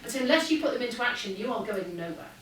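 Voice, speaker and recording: A woman, a former air force pilot, giving a lively motivational keynote and acting out the dialogue in her stories. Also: fairly high pitch, quick pace, crowd noise. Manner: lively anecdotal, acts out dialogue. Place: large hall with an audience. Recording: echoey hall, distant mic, faint hum.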